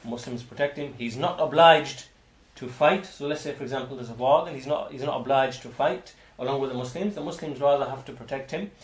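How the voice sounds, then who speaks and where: A man giving an explanatory lecture on hadith as a religious teacher, talking in a halting way with frequent restarts and repeated words. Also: medium pitch. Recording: roomy echo.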